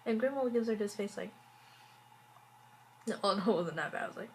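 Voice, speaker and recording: A woman talks through a TV episode recap in a loose, chatty vlog style, her sentences packed with "like" and "uh." She throws in wry, exasperated asides, and her pitch sits at an everyday middle level for a woman. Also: brisk, slight background noise, low-quality recording. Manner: rambling, heavy use of "like" and fillers. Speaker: TV show reviewer.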